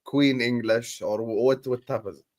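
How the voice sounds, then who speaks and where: A man hosting a live football watchalong, chatting emphatically and joking with his co-host. His voice is close to the mic with a dry, roomless sound. He sits at an ordinary male pitch. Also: normal speed, no echo. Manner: animated, emphatic, laughing banter. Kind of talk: casual chat.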